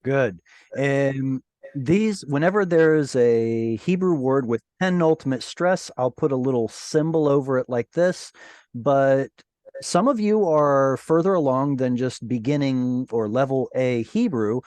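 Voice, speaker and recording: A man teaching a Hebrew class over a video call, explaining patiently and sounding out Hebrew words slowly. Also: mid-range voice, a little mellow, no echo.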